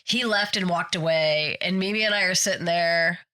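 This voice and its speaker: This woman's voice sits on the low side as she co-hosts a podcast, chatting casually at normal speed in the studio. Telling a story, she gets animated and acts out her quoted characters' yelling.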